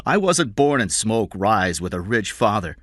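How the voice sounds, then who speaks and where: A bitter, desperate kidnapper speaks in a soft, pleading way, as a male reader puts him on. The tone is bright and lively in pitch, and the sound is close and dry. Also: measured pace, no room sound, heavily acted.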